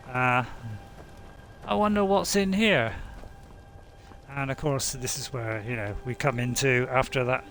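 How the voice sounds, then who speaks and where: A man's voice: mid-range voice, takes it slowly, pauses often, a bit bright, slight background noise. A man, a game streamer, giving casual, rambling let's-play commentary full of asides. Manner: chatty, rambling, many fillers and asides.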